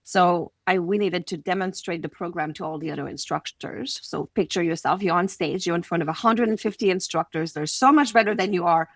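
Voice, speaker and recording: Quebec French-accented woman, podcast guest coach, lowish voice, close and dry, animated storyteller. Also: a little fast, hardly any pauses, no echo. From Quebec City, Canada. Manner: animated, acts out little scenes in quoted voices. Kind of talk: conversational podcast interview.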